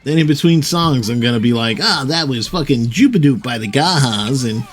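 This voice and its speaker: A man's voice: medium pitch, lively intonation, normal speed, husky, voice pushed up. A man voicing a creepy, not-quite-human male AI DJ who talks in an overly chummy announcer voice.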